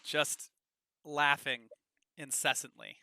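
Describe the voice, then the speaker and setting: A man's voice: on the high side, fairly even intonation, takes it slowly, gravelly, bright, forceful tone, dry recording. A man running a tabletop role-play game as game master, describing the scene and prompting players with questions.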